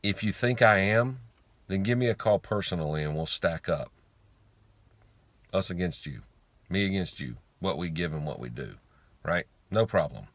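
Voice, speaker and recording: This man's voice is low and fairly bright, with lively intonation, normal speed and long pauses, recorded with no echo. An online speaker on faith and money, he delivers a blunt, emphatic, informal motivational monologue, repeating lines for effect and swearing casually.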